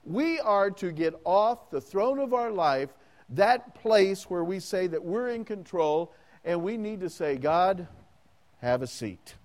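A man's voice: sits high, expressive, unhurried, a little mellow. A man preaching a sermon as pastor, asking the congregation questions and acting out prayers in the first person.

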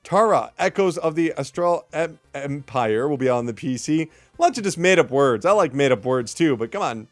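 A man's voice: a little high, lively intonation, normal speed, few pauses, dry recording. A man hosting a gaming news podcast, reading release lists and ranting with sarcastic, mock-dramatic outrage. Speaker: podcast host.

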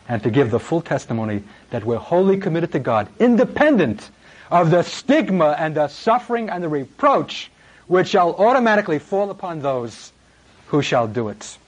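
A middle-aged man preaching a sermon, impassioned and dramatic, swinging from loud emphasis to hushed words. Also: a little high, low-quality recording.

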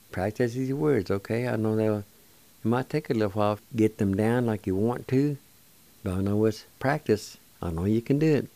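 An older man teaching words of his language on a radio show, slowly spelling and pronouncing each syllable with patient encouragement. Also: on the low side, dark tone. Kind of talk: slow spelling and pronunciation lesson.

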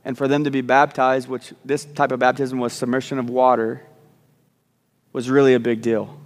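A man's voice: medium pitch, flat delivery, moderate pace, long reverb tail. A man preaching a sermon, repeating words as he starts sentences and slipping in joking asides. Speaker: pastor. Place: church sanctuary.

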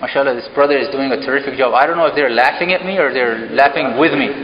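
A mosque speaker leads an interactive religious talk, asking his listeners questions and making light jokes, his medium-pitched voice moving at a quick pace. The lo-fi recording from the echoey hall sounds dull, with a little hiss or hum.

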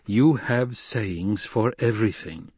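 Brief: shrewd wry nobleman, read by a man, deliberate and very slow. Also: fairly low pitch, a little mellow, breathy edge, no echo. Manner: dry, deliberate, hesitant. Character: shrewd calculating male count, dry and wry. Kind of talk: audiobook character voice.

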